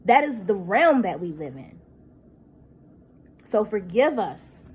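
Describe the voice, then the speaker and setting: In an emotional personal vlog, a woman in her thirties vents while close to tears, cursing, repeating herself, and restarting words. She speaks slowly but very animatedly in a mid-range voice with a breathy edge, and the recording is rough.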